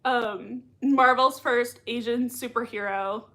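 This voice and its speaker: A woman hosting a casual livestream, chatting excitedly and giggling while reading viewer comments. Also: on the high side, slow. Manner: excitable, giggly, many fillers. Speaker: livestream host reacting to a TV show.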